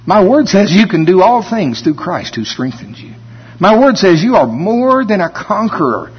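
A man preaching a sermon in an animated way, now and then mimicking whiny complaints in a high voice. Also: normal speed, husky. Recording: dull recording with long hall reverb.

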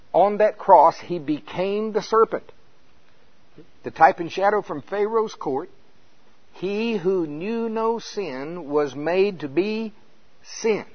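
A man's voice: high-pitched, highs cut off. A man preaching a sermon, reading scripture aloud and stopping to explain it, with frequent interjections of "Hallelujah.". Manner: expository, breaks off mid-sentence to explain the verses.

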